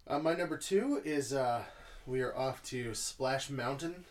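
A man's voice: mid-range voice, a little slow. A man co-hosting a podcast in casual chat, playful and jokey as he talks. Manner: playful, jokey, animated storytelling. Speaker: podcast co-host.

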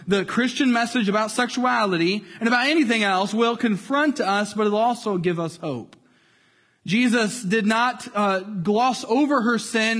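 High-voiced storytelling preacher man. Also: big-room sound. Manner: storytelling, casual, dramatic drops to near-quiet. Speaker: pastor. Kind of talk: sermon.

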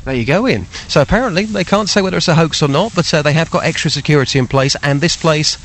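A man's voice: on the high side, fast, fairly bright tone. A man giving a live radio report from outside a gallery, in a jolly, good-humoured way. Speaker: arts correspondent.

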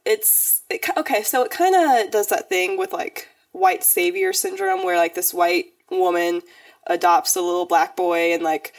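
This young woman co-hosts a podcast, chatting casually and rambling with plenty of fillers. Her voice is fairly low with vocal fry, at a normal pace, recorded dry from a distant mic.

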